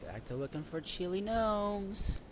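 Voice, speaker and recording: A man's voice: high voice, very animated, a little slow, heavy background noise. A young man commenting casually on his own gameplay, often swearing and exclaiming in frustration. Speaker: gamer streaming gameplay. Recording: game music loud behind voice.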